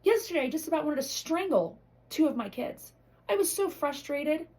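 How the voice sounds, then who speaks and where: Fiery, animated woman giving a pep talk. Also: high voice, normal speed, poor audio. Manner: blunt, emotional, swears freely. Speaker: motivational vlogger. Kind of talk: impassioned motivational monologue.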